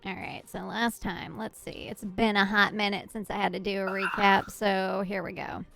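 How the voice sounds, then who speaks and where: A woman's voice: medium pitch, little pitch movement, moderate pace, creaky, a bit bright, soft background music. A woman recapping a tabletop game in a chatty, giggly way, often interrupting herself.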